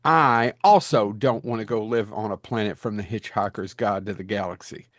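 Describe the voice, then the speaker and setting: A man's voice: on the low side, normal speed, fairly bright tone, no echo. Male podcast co-host, emphatic ranting delivery, dry close mic. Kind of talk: casual panel chat.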